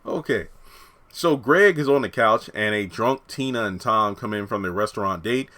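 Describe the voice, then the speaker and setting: A man reviewing a TV episode in a casual, blunt and animated way, retelling the scenes as he goes. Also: lowish voice, normal speed. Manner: animated, acts out characters' lines while retelling; blunt and opinionated.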